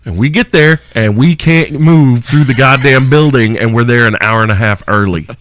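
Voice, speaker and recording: Guy on a podcast telling old gig stories, lots of cussing, gets loud, dry close mic. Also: mid-range voice, moderate pace, no room sound. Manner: animated, swears freely, acts out quotes loudly. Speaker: podcast host, former band singer. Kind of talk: casual storytelling chat.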